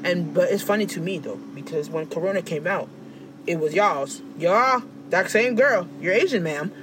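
A man's voice: high-pitched, normal speed, background noise. A man in casual chat, ranting animatedly and mocking the voices of people he quotes.

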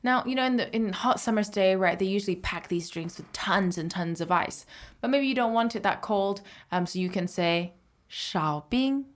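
A woman's voice: medium pitch, a little fast. A woman teaching a language on a podcast, patiently explaining and often checking in with "right?". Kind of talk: podcast lesson.

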